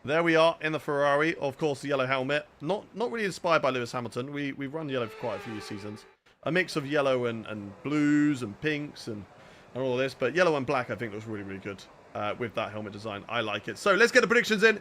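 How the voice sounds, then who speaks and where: A southern English gaming streamer with a medium-pitched voice talks fast, with a little hiss or hum in the audio. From southern England, he streams a racing game with live commentary, full of energy, jokes, and chat with his viewers.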